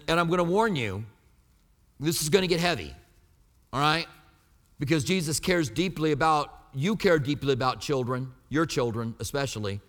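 A man's voice: fairly high pitch, a bit bright, in a large hall. A man preaching a sermon as a pastor. He teaches from the Bible in an emphatic, conversational way.

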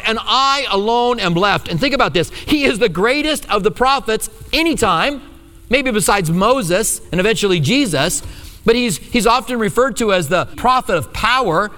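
A man preaches with a bright, ringing voice that climbs high and swoops widely as he tells the story. He acts out the quotes as he goes, and the long reverb of a church hall trails behind each line. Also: expressive, moderate pace. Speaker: pastor. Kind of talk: sermon.

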